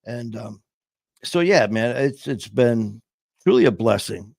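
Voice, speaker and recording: A man's voice: mid-range voice, lively intonation, slow pace, vocal fry, a little mellow, no echo, clean studio sound. A man hosting a casual podcast, rambling and upbeat, often interrupting himself. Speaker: podcast host. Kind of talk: casual chat.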